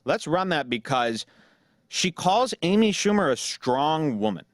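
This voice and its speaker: A man hosting a podcast talks in a blunt, sarcastic way, swearing freely. His pitch swings widely as he rants. The sound is dry and close. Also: big pitch swings, a little slow, no echo. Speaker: podcast host. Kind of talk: casual podcast chat.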